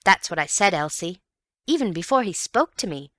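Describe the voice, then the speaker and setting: A woman's voice: on the low side, big pitch swings, moderate pace, fairly bright tone, no echo, studio quality, pitched above the performer's own voice. A woman voicing a gossipy, self-assured young maid in an audiobook reading, with a sing-song lilt.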